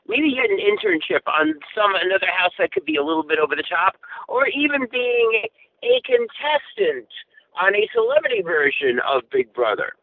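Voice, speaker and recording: A man's voice: very animated, normal speed, dry recording. A man playfully answering listener letters as a podcast co-host, in a theatrical manner. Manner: theatrical, sweeping pitch swings. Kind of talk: playful advice-column reading. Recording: dry, phone-like narrow sound.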